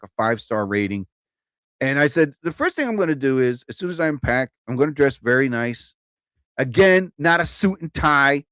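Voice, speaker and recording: Animated, chatty man in his fifties. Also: medium pitch, no echo. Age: 50s. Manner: chatty, animated, laughs at his own jokes. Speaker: live stream host. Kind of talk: casual live-stream storytelling.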